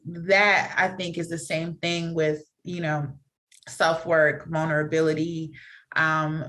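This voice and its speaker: This woman speaks with a slightly low voice as a podcast guest, talking candidly about her own experience. She leans on fillers like "like" and "you know," and her delivery is earnest and reflective. She breaks into quick, animated impressions of other people as she tells stories. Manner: animated storytelling with quick acted-out quotes.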